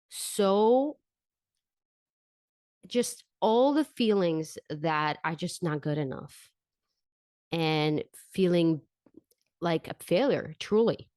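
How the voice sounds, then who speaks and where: A woman with a fairly low speaking voice tells a personal story on her podcast. Her pitch leaps upward as the feelings rise. The sound is close and dry, with no room around it. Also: darkish tone, dry recording. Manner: emotional, pitch rising when stressed. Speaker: podcast host and vocal coach.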